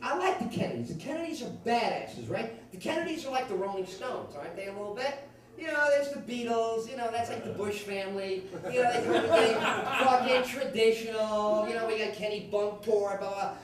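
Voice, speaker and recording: A man's voice: extremely high pitch, brisk, recorded from a distance, crowd noise. A man playing a brash, profane, swaggering young male politician, recorded from afar in an echoey club. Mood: cocky.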